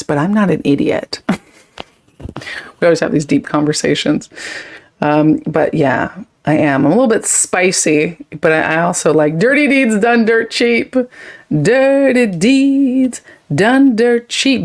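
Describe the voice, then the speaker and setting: Woman host for a live chat, a bit low-pitched, emotional and effusive, quick and rambling. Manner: effusive, emotional, thanks viewers often; quick, chatty, drifts between topics. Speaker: livestream host. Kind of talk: casual live chat reading comments.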